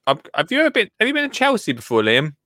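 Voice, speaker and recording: A man's voice: high voice, huge pitch swings, rapid-fire, sharp tone, no echo, studio quality. A man hosting a casual chat, joking around, laughing often and drifting into little rants. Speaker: podcast host.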